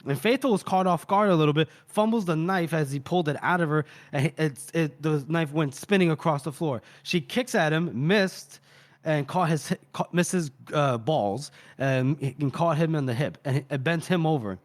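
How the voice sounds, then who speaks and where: A man co-hosting a podcast who retells a book chapter in a rambling, animated way, swearing casually and filling pauses with "uh" and "you know". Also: on the high side. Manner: rambling, animated, profane, with many fillers. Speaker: podcast co-host.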